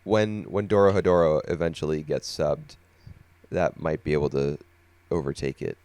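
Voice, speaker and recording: A sleepy man co-hosting a casual podcast chat, talking things through in an unhurried, thoughtful way with plenty of fillers. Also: very deep voice, steady tone, darkish tone, clear, resonant tone, no room sound. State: sleepy, yawning. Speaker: podcast co-host.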